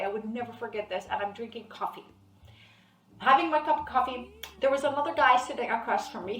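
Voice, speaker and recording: A woman's voice: a little high, distant mic. A woman hypnotherapist giving an informal video lesson, talking animatedly, acting out client conversations and repeating her key points. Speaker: hypnotherapist teaching a technique. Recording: roomy echo, off-mic, faint music.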